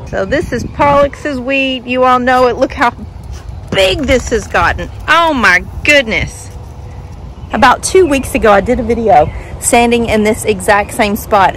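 A woman's voice: a little high, fairly bright tone, slight background noise. A woman, chatting casually to her viewers and her dogs at home, laughing often. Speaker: vlogger, dog owner. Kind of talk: casual vlog narration talking to her dogs. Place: home and backyard.

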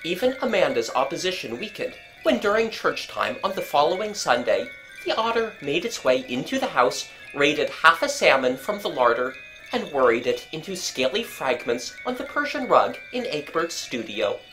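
A woman narrating a story with a low, lively voice that rises and falls a lot. She reads in an expressive, measured way, with faint music underneath. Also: low-quality recording. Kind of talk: storytelling reading.

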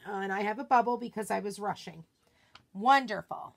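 A woman hosting a live craft demonstration, chatting casually and excitedly, often murmuring quietly to herself as she works. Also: mid-range voice, brisk, creaky. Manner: bubbly, chatty, self-deprecating, often drops to a murmur while working. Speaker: craft livestream host.

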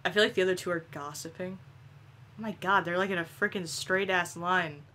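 A young woman giving casual, excitable gameplay commentary, swearing and laughing often. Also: on the low side, a little fast. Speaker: gameplay video creator.

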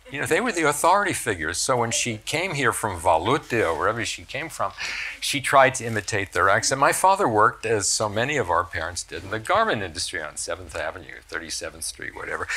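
An older man with a low, deep voice and a bright, forceful edge. He tells stories in an animated way, with sudden lifts in pitch and loudness. He sounds like a reflective guest in a stage interview. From United States. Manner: storytelling, animated, lively swings in loudness. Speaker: author and surgeon, guest. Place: stage talk at a cultural center.

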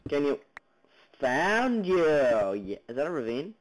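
A man's voice: on the high side, very animated, a little slow, slight background noise, poor audio. A man giving jumpy let's-play commentary on a block-building game, chattering at monsters and viewers with sudden yelps, recorded on a basic computer mic. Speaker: gaming channel host. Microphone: basic computer mic, no headphones.

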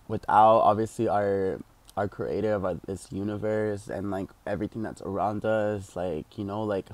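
A man's voice: fairly low pitch, fairly even intonation, moderate pace, darkish tone, no room sound. A man in his twenties talks to his viewers in a rambling, emotional vlog rant, full of fillers and tearful at times. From United States. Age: 20s. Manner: rambling, heavy with fillers like "like" and "you know". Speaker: vlogger.

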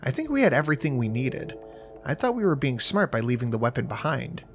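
A man narrates a first-person horror tale in a wry, measured way. His voice sits in an ordinary middle range. Faint background music runs under him. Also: mid-range voice, big pitch swings.

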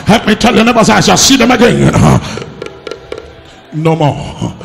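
A man preaching a charismatic sermon, shouting declarations and filling pauses with a repeated "uh", with faint music behind. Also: high-pitched, big pitch swings, gravelly.

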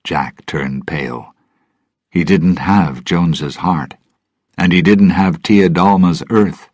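Deep husky guy reading a story slow for english learners, dry close sound. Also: darkish tone, no echo. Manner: clear, deliberate. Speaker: narrator.

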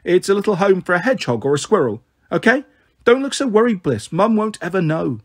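A man's voice: sits high, big pitch swings, brisk, heavily acted. A man voicing a young girl, a caring older sister who coaxes and reassures her siblings. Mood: coaxing.

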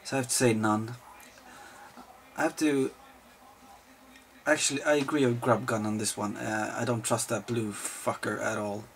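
With a lowish, steady voice at normal speed, full of vocal fry and frequent pauses, this male video host answers viewer questions. He's worn out from lack of sleep and rambles, jokes and swears freely, with slight background noise behind him.

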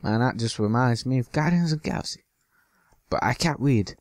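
A man's voice: medium pitch, expressive, brisk, dry recording. A man giving loose, joking commentary over his own gameplay, swearing now and then and slipping into silly bits. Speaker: gaming channel host.

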